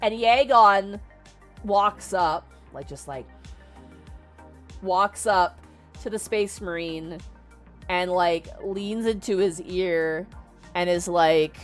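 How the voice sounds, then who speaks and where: A woman casually retelling a story, animated and swearing, with lots of "like" fillers. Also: medium pitch, slow, long pauses, soft background music. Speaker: streamer.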